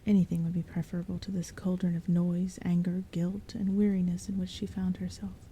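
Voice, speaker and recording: A woman reading a novel aloud as a soft-spoken bedtime story, in a soft, breathy half-whisper. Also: lowish voice, level tone, brisk, slight background noise, low-quality recording. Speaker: audiobook reader. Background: soft rain and thunder.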